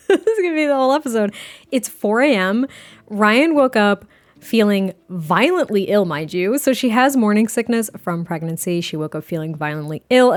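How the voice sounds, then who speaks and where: A young gaming creator offers casual, chatty commentary on her gameplay in a medium-pitched voice with no room sound. She giggles often and keeps restarting her sentences.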